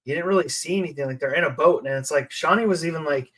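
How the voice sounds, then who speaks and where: A man co-hosting a podcast, talking loosely about a film with many fillers and quick asides. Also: fairly high pitch, fairly bright tone. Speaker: podcast co-host. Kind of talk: casual film discussion.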